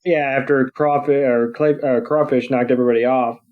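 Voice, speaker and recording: A man's voice: medium pitch, fairly even intonation, a little fast. Male co-host, conversational interjector, muffled podcast audio. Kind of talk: casual podcast chat. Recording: slightly muffled podcast mic.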